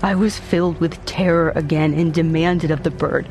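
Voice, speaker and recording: Man, high voice, dramatic first-person storytelling, brooding, intense, faint music behind. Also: fairly even intonation, normal speed, few pauses. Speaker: narrator.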